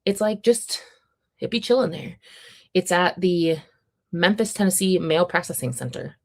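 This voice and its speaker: Low-voiced woman chatting wryly. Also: lively intonation, moderate pace, creaky, darkish tone. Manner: chatty and wry, reads viewer comments aloud. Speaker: readathon livestream host. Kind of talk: casual livestream chat reading comments.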